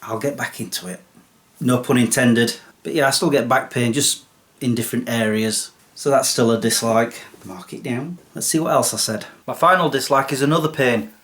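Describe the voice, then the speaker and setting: A man's voice: mid-range voice, moderate pace, fairly bright tone. Sarcastic chatty male vlogger. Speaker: vlogger host. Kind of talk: comedic solo vlog.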